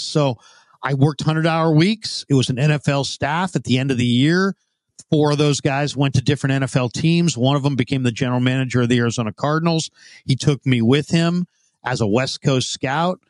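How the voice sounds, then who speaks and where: A man's voice: mid-range voice, brisk, no room sound. Chatty man in his fifties telling stories. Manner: rambling anecdotes, acts out quoted dialogue. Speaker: interview guest, former radio host. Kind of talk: storytelling in a casual interview.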